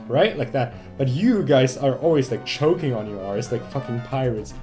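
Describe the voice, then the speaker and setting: A man's voice: mid-range voice, animated, unhurried, dark tone, faint music behind. A young German man streaming a game, chatting casually in English with a German accent, ranting and swearing in exasperation. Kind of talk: casual live-stream chat.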